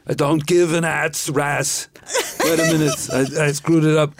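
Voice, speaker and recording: Voz masculina de héroe de acción, imitada por un hombre, acento austriaco marcado, lenta y contundente, algo aguda. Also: male voice, fairly high pitch, little pitch movement, brisk, slight background noise, voice pushed up, close to an everyday voice. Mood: mock-tough. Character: impression of a muscular male action star with a thick Austrian accent.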